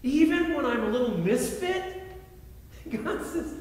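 A man pastor preaching a sermon in an earnest way, repeating phrases and shifting between loud appeals and quiet reflection, in a large church sanctuary. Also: very high voice, animated, a little slow. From United States. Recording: echoey hall, faint background noise.

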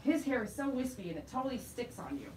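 A middle-aged woman and dog groomer chatting casually while she grooms, telling animated stories and laughing often. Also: a little high, fast, recorded from a distance, slight background noise, rough recording. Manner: chatty, animated storytelling with quoted voices.

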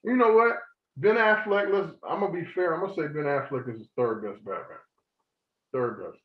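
Heated male podcast co-host, high voice, profane rants; echoey, muffled room sound. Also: brisk. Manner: ranting, profane, swings loud and high when worked up. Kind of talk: heated casual chat.

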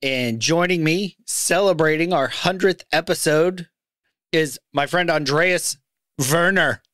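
A man's voice: on the high side, takes it slowly, fairly bright tone. A man hosting a podcast in a casual, chatty way, laughing easily and often restarting his sentences. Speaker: podcast host.

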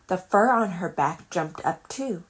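A woman reading a children's picture book aloud in a calm, measured storytelling voice. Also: lowish voice, noisy background. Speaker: storybook reader.

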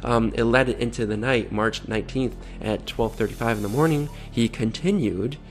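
A man's voice: mid-range voice, moderate pace, faint music behind. A man reading chat messages aloud and adding exasperated, sarcastic comments between them. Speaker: online predator-baiting vlogger.

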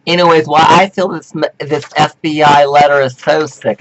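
A man rambling theatrically to his webcam at home, whooping, giggling and flipping between shrill squeals and low mutters. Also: fairly even intonation, normal speed, few pauses, very noisy. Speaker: performance artist vlogger. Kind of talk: rambling camp monologue to webcam.

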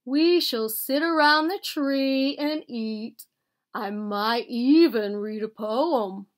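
A woman reads as a formal, somewhat stuffy male bear from a picture book. He speaks in a stately, measured way. The pace is slow and deliberate. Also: fairly high pitch.

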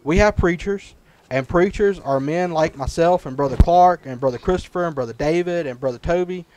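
A man's voice: on the high side, brisk, darkish tone, poor audio. A man leads a children's Bible class as their preacher. He talks patiently and keeps checking that the kids follow. A faint hiss of noise sits under the recording. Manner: patient, checks in often with "right?" and "okay?". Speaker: preacher teaching children's Sunday school.

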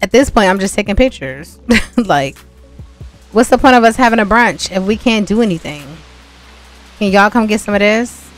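A young woman chats her way through a gameplay session, speaking straight to her audience in an easy, mid-pitched voice. She slips into exasperated asides when things go wrong. Faint game music plays beneath her. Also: expressive, normal speed, pauses often. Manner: chatty, talks straight to viewers, exasperated asides. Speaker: gameplay vlogger. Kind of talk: casual gameplay commentary.

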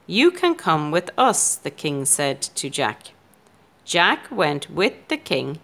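A woman reading a children's storybook aloud as narration. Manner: slow, lively storytelling with changing pitch. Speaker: storybook reader.

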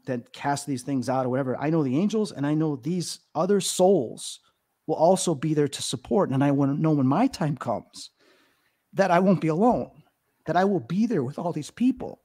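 A man's voice: fairly high pitch, lively intonation, moderate pace, dark tone. A man in his fifties, a guest on a podcast interview, telling stories in an earnest, emotional way with many fillers. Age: 50s. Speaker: psychic medium guest.

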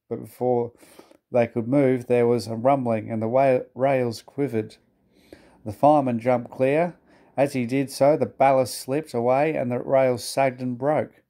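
A man narrates a children's storybook in a measured, gentle way. His voice is mellow and dark, pitched in the middle of the range. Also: fairly even intonation. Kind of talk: storybook reading aloud.

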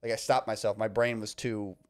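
A young man on a podcast, casually telling stories in a profane, excitable way. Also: on the low side, a little fast, smooth. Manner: profane, excitable, trails off and restarts. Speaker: podcast guest. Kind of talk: casual comedic storytelling.

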